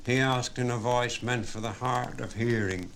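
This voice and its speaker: Male narrator, audiobook reading, measured, faint background hiss. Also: mid-range voice, fairly even intonation, a bit bright, rough recording.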